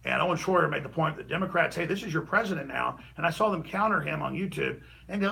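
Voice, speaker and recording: A man delivering an impassioned, ranting political monologue as a talk show host, heated and rapid with sudden bursts of shouting. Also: high voice, lively intonation, gravelly, far from the mic, rough recording.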